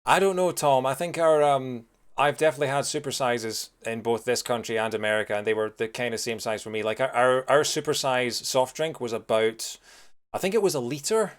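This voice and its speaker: A man with a mid-range voice streams a video game, talking fairly quickly to his viewers. His casual live-stream commentary is chatty and rambling, loaded with fillers.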